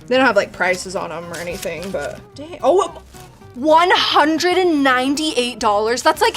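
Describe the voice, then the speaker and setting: A woman's voice: fairly high pitch, a bit bright. A young woman hosting a casual unboxing vlog, bubbly and laughing often. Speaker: vlogger host.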